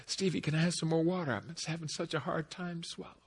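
A man voicing his dying older mother, who speaks softly and pleads for help. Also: fairly high pitch, fairly even intonation, fast talker, slightly rough, voice pushed up. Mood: pleading. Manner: soft, pleading.

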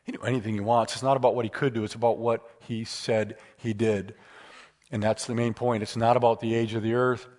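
A man's voice: medium pitch, level tone, brisk, a little mellow. A man giving a public lecture with Q and A, conversational and emphatic, moving into stories. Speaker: guest speaker.

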